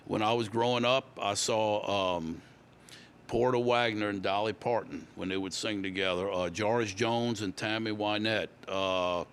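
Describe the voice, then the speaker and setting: A man's voice: fairly low pitch, fairly even intonation, a bit bright, slight background noise. Rambling older man from Louisiana. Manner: rambling, unhurried, many fillers. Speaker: guest musician. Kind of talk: relaxed interview storytelling.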